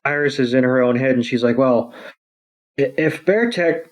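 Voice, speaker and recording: A man's voice: medium pitch, normal speed. A man co-hosting a podcast, recapping a cartoon episode in casual chat, rambling with many fillers and acting out the characters' lines. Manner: rambling, many ums and you-knows, acts out quotes. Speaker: podcast co-host.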